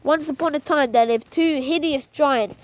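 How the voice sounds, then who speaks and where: Cheeky scheming schoolboy, hasty and sly, high voice, woman reader. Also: normal speed, a little hiss or hum, close to an everyday voice, low-quality recording. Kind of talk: children's book read-aloud.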